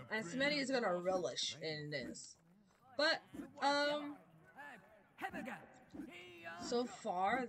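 Hoarse woman commenting on a game. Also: medium pitch. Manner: rambling, with many ums. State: hoarse, losing her voice. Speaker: gamer doing a playthrough. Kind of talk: let's play commentary. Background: game music.

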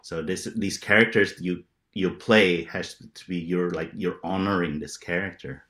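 Deep-voiced earnest man panelist. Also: fairly even intonation, a bit bright. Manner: earnest, halting. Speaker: improviser panelist. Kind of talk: panel discussion.

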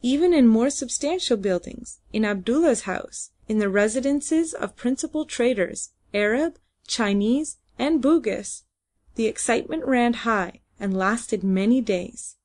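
A woman reading a classic novel aloud as an audiobook narrator, at a measured, even pace. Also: fairly high pitch. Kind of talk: scripted narration.

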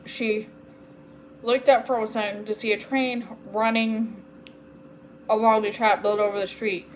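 Woman reader, children's book, slightly high voice, faint hum behind. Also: unhurried, rough recording. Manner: steady reading with small slips and self-corrections. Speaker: storyteller. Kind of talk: reading a children's chapter book aloud.

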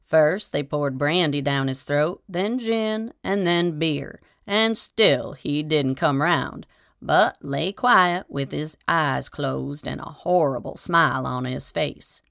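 A woman narrating a short story aloud in a steady, measured storytelling manner. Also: low-pitched, vocal fry, no echo, studio quality. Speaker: audiobook reader.

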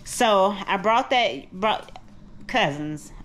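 A woman's voice: medium pitch, lively intonation, extremely slow, a bit bright, a little hiss or hum. A middle-aged woman vlogging in her kitchen at home, rambling and chatty, calling her viewers cousins. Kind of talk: casual chat to camera.

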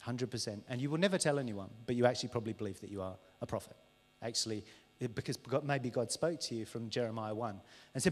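A man's voice: mid-range voice, fast. A man preaching a live sermon in a church, candid and conversational, who acts out lines in an overexcited voice. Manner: animated, acts out dialogues with a mocking overexcited voice. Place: large church hall. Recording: church hall reverb, live stream.

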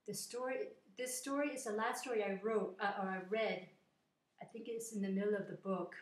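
A woman's voice: medium pitch, fairly even intonation, fairly quick. A woman casually retelling a fairy tale in a personal message, informal and meandering. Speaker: storyteller. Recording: echoey room.

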